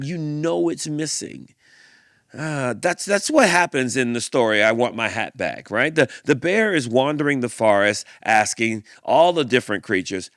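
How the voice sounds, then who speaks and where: Male podcast host, slow and gravelly, reflective, hesitant restarts. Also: mid-range voice, a bit bright, dry recording, clean studio sound. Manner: halting, many restarts and sighs, reflective. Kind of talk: storybook reading and reflection.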